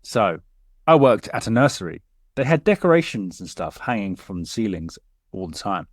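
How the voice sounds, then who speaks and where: A man, co-hosting a casual podcast and telling sweary, animated work stories. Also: mid-range voice, no echo, studio quality. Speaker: podcast co-host. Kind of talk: casual chat.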